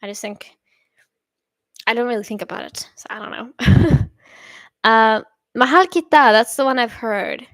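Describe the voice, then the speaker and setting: A woman's voice: fairly high pitch, fairly even intonation, unhurried, long pauses, no echo, studio quality. A nineteen-year-old woman whose first language is Swedish, chatting casually on a livestream in a hesitant, rambling way, with many fillers and restarts. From Sweden. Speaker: streamer.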